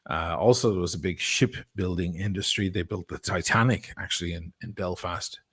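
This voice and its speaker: A middle-aged Irish man telling stories in a casual chat, animated and quick to swear and laugh. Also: low voice, breathy edge. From Ireland. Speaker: guest.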